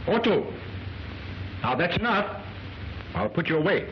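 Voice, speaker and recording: An actor playing an arrogant, bullying stage ventriloquist in an early sound film. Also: male voice, mid-range voice, expressive, a little slow, a little hiss or hum, natural voice. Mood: scolding. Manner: haughty and scornful. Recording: dull lo-fi 1920s film soundtrack with music.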